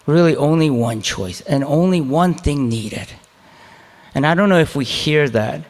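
A man preaching a conversational sermon as a pastor, casual and self-deprecating, with chatty asides. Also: medium pitch. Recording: long hall reverb.

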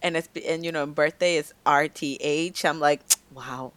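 A young woman co-hosting a podcast, chatting casually with an animated, enthusiastic delivery. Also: low-pitched, normal speed, clean tone, no echo. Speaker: podcast co-host. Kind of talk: casual chat.

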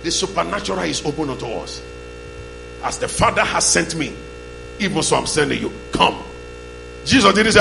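Male pastor, raised gravelly voice, call-and-response sermon, music underneath. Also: a little high, expressive, moderate pace, pauses often, rough recording. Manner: call-and-response, shouting bursts. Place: church hall. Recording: loud music and mains hum behind.

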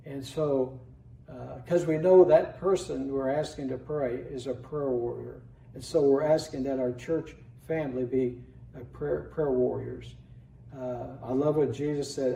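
Pastor, male, earnest sermon delivery, slightly raised pitch, heard from afar in an echoing church. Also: gravelly, dark tone. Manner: earnest preaching, reads scripture aloud with rising emphasis. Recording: echoey room, voice from a distance.

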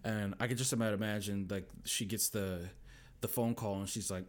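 A man's voice: lowish voice, a little fast. A young man, a podcast guest, telling a story in casual chat, acting out voices and laughing often.

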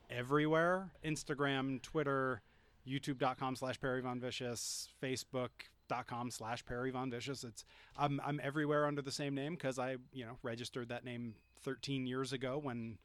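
A man chats as a podcast guest in an easygoing way, stumbling over the start of a thought before settling in. His voice is of middle pitch. The recording is close and dry. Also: fairly bright tone, smooth, no room sound. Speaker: podcast guest, pro wrestler. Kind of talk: casual chat.

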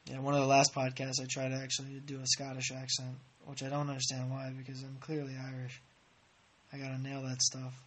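A man's voice: medium pitch, completely flat delivery, fairly quick. A man hosting a podcast, chatting in a rambling, laid-back way with chuckling asides. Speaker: podcast host. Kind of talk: casual rambling chat.

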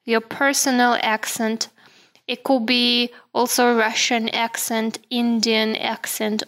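A woman hosting a solo podcast who explains things in a measured way and speaks directly to her listeners. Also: fairly high pitch, a bit bright. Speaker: podcast host.

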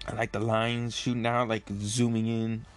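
A man casually reviewing a comic chapter, relaxed and rambling with lots of fillers. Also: medium pitch, normal speed, faint music behind.

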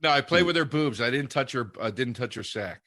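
A man's voice: mid-range voice, expressive, fairly quick, sharp tone. Sheepish stammering man in crude banter. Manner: sheepish, stammering, self-mocking.

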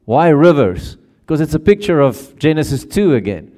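A man's voice: a little high, very animated, moderate pace, mellow. Man preaching in a chatty, laughing style. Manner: conversational preaching, often checks in with the audience; laughs often while telling stories. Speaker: pastor. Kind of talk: sermon.

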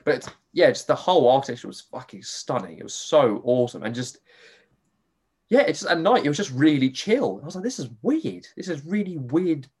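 A man's voice: mid-range voice, brisk, husky. Man telling a story with energy. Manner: animated, swearing, acts out his own reactions. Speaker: podcast host. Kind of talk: casual storytelling chat.

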